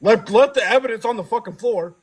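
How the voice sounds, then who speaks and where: A young man with an extremely high, brisk, slightly rough voice co-hosts a casual podcast. He animatedly tells a family story, acting out voices and laughing often.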